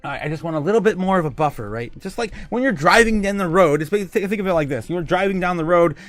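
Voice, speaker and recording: A man's voice: high-pitched, expressive, fast, a bit bright, no echo, soft background music. Chatty livestream host, man, dry close sound. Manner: chatty, laughs often, reads chat aloud, many fillers. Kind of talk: casual livestream chat.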